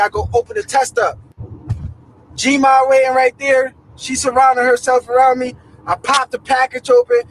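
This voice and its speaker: High voiced guy telling a storytime, slangy, acting out the quotes. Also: fairly bright tone, poor audio. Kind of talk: casual storytime.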